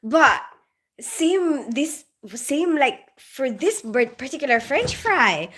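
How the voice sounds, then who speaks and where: Bright, giggly woman chatting on a livestream. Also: high-pitched, very animated, takes it slowly. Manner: chatty and giggly, greeting viewers. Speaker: nurse livestreamer. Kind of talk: casual livestream chat.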